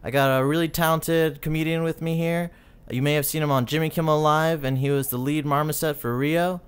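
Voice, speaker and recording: A man hosting a comedy interview podcast, upbeat and friendly, asking questions with quick laughs. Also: fairly high pitch, fairly even intonation, clear, resonant tone. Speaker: podcast host. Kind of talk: casual interview.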